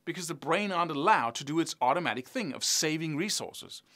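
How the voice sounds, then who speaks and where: A man's voice: fairly high pitch, animated, brisk, pushed and bright. A man teaching a guitar lesson on video in a chatty, self-mocking way, chanting rhythms aloud as he explains.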